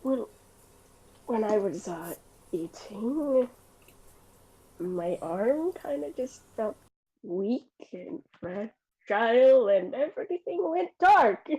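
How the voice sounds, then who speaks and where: Woman as shaken male adventurer; hesitant tabletop recounting, high and slow. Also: very animated, a little mellow, breathy edge, full character voice, poor audio. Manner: halting, hesitant in-character recounting.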